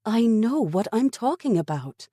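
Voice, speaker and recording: Defiant woman scientist, read by the narrator for an audiobook; insistent, pleading, lively husky delivery. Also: on the high side, unhurried, no echo, clean studio sound, voice pushed up, exaggerated voice. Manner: insistent, pleading, rising to anger. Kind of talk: audiobook character voice.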